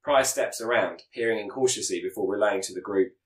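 A low-pitched man recaps a story's plot in an unhurried storytelling manner, now and then correcting himself mid-sentence. His voice carries a noticeable roomy echo, as if recorded in an untreated room. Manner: steady storytelling delivery with occasional self-corrections.

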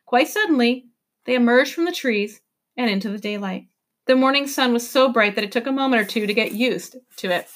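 A woman teacher reading a novel aloud to her class with expressive storytelling delivery. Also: on the high side, fairly quick.

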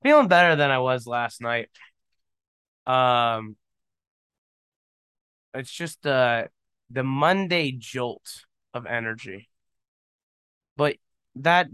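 A man in his twenties hosts a casual solo podcast into a studio microphone on camera, joking and rambling off on tangents. His mid-range voice is fairly bright and clean, and he speaks slowly with frequent pauses. The recording has no room sound.

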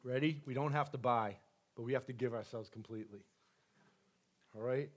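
A man preaching a charismatic sermon to a congregation in a church, passionate, swinging between loud exhortation and soft asides. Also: mid-range voice, normal speed. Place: church sanctuary.

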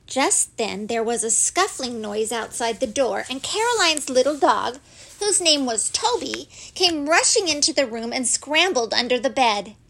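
A woman gently reading a children's story aloud, unhurried and expressive. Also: high-pitched, vocal fry.

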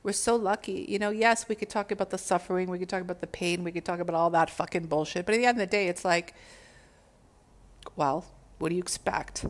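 A woman's voice: on the low side, fairly even intonation, brisk. A woman giving a casual spiritual talk to her followers, urging and swearing freely as she speaks. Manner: profane, exhortative, laughs at own words.

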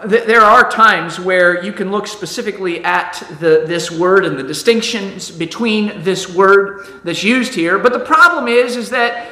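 A man's voice: high-pitched, pushed and bright, roomy sound. A middle-aged man giving a sermon as a pastor, conversational, with restarts and acted-out quotes.

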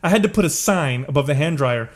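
A man's voice: fairly high pitch, animated, quick pace. A man co-hosting a casual podcast, trading crude, joking stories about working in gyms. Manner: laughing, crude banter. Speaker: podcast co-host, gym manager. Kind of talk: casual chat.

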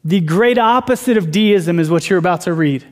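A man preaching in a conversational but emphatic way, breaking off for asides and rhetorical questions. His voice sits a little higher than most men's. He sounds like a young adult. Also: moderate pace. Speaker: teacher. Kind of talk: sermon teaching.

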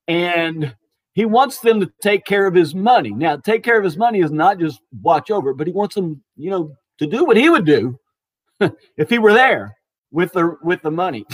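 High-voiced man preaching casually. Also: sing-song, moderate pace, dry recording. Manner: conversational, with restarts and fillers. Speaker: pastor. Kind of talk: casual sermon storytelling.

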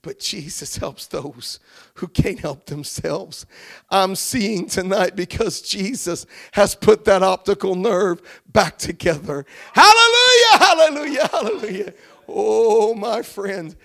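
A middle-aged man preaching a revival testimony sermon, telling his story quietly, then shouting and crying out in praise. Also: high-pitched, slow, vocal fry. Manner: drops to quiet storytelling between outbursts.

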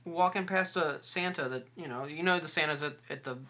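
A woman with a low, husky voice chatting on a podcast about a movie. She lays out her thoughts methodically, point by point, with a somewhat bright tone. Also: a little fast. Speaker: podcast co-host. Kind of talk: casual movie review chat.

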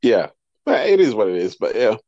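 A man's voice: fairly low pitch, big pitch swings, a little fast, warm tone, no echo, dull audio. A young man, talking emphatically in slangy casual chat as a podcast co-host.

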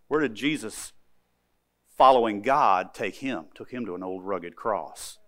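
A man's voice: lowish voice, expressive, unhurried, fairly bright tone. A male preacher delivers a sermon as a vivid story. He talks with emphasis and often repeats words as he drives his points home.

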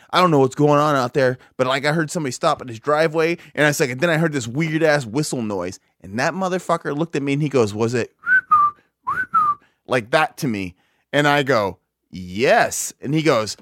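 A man's voice: medium pitch, a bit bright, no echo, studio quality. A man telling a rambling, profane story in casual chat, full of fillers and restarts.

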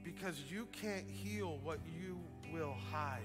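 A man preaching a sermon as pastor, animated, swinging up to loud emphatic peaks. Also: on the high side, slow. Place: church sanctuary. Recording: long hall reverb with faint music.

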